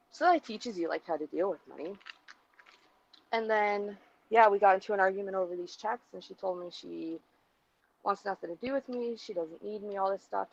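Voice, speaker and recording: A woman vlogger with a gravelly, fry-laden voice rants through a personal story, swearing often and rambling with fillers. Her pitch sits in an ordinary middle range. The recording sounds dull and lo-fi. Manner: heated, profane, rambling with many fillers. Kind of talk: casual storytelling rant.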